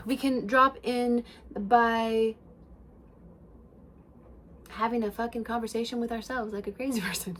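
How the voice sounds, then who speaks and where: A woman hosting a podcast, giving an emphatic spiritual self-help monologue full of swearing that swings between loud and hushed. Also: on the high side, a little hiss or hum. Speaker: podcast host.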